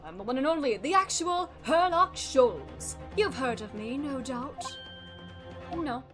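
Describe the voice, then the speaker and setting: A woman's voice: high voice, animated, measured pace, music in the background. A woman voicing a boastful male great detective with a put-on British accent, grandiose and theatrical.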